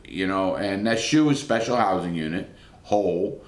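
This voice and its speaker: Blunt, animated man in a roomy echo. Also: sits low, normal speed. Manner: blunt and profane, with rhetorical questions and acted-out exclamations. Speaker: former prisoner telling his story. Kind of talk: casual first-person storytelling to camera.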